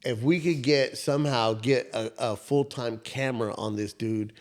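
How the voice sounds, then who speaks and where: A man's voice: medium pitch, moderate pace. A man co-hosting a podcast, telling a funny story in loose, profane casual chat and laughing as he goes. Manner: animated, profane storyteller who laughs at his own anecdote. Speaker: podcast co-host.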